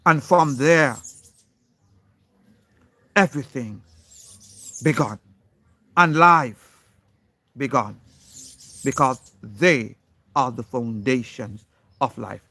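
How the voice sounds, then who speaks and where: A man's voice: mid-range voice, very slow, pauses often, sharp tone, no echo. A man delivering an impassioned monologue, emphatic and insistent, stressing single words as he speaks straight to a critic. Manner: preachy, addressing an unseen critic directly.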